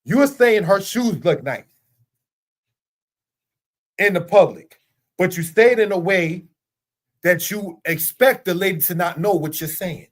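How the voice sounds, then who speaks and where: In an unhurried, animated manner with frequent pauses, a middle-aged man with a high voice delivers a Torah lesson. He teaches earnestly, repeating himself and posing many rhetorical questions.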